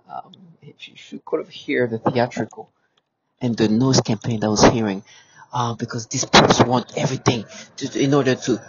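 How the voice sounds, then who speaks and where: A man giving an agitated, repetitive monologue as a vlogger, his voice often climbing as he gets worked up. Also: mid-range voice. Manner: agitated, repetitive, voice rising when upset. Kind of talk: casual monologue to camera. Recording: dull lo-fi audio with faint noise.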